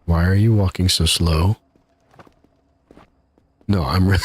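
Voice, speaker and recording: A man's voice: deep voice, fairly even intonation, slow pace, a little hiss or hum. A man casually commenting while he streams a game live, chatty and laughing at his own troubles from his home setup. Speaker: gaming streamer.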